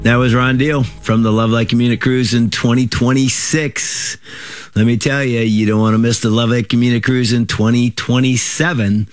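A man's voice: mid-range voice, little pitch movement, moderate pace, no echo. A man hosting a radio program and reading the announcements in an upbeat, promotional way. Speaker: radio show host. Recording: dry studio voice with faint music behind.

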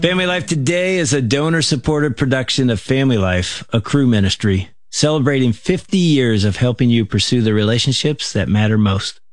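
A man's voice: medium pitch, brisk, hardly any pauses. A man hosting a radio program and reading the announcements in an upbeat, promotional way. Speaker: radio show host. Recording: dry studio voice with faint music behind.

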